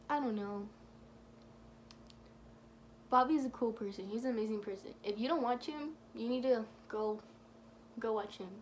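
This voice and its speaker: Woman vlogger, high voice, rambling fan storytime, lots of "like". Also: slight background noise. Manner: gushing, rambling, heavy use of "like". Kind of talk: casual storytime vlog.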